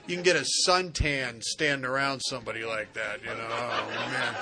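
A man's voice: fairly high pitch, lively intonation, a little slow, few pauses, bright, forceful tone. A man speaking at a recovery meeting, telling funny stories about relationships in a folksy, wisecracking, emphatic way. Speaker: AA speaker sharing his story. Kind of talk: humorous recovery talk at a meeting.

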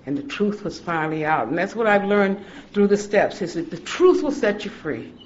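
Woman sharing her own story at a recovery talk; halting and heartfelt, on a muffled recording with a light hiss. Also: medium pitch, lively intonation. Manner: halting, heartfelt storytelling with restarts and soft laughs. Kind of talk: personal testimony talk. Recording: dull lo-fi recording with faint hiss.

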